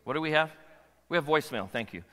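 A pastor gives an animated sermon with a bright, forceful voice pitched a little above the usual for a man. He keeps checking in with his listeners, and long reverb trails his words through the hall. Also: fast talker. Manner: animated, asks the audience questions.

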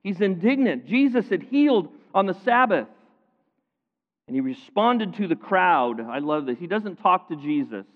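A man preaches to his congregation in a voice pitched a little high, swinging between loud, pointed emphasis and hushed asides. The sound is thin and phone-like. A long reverb from a large sanctuary trails every phrase. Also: big pitch swings, moderate pace. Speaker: pastor. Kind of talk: sermon.

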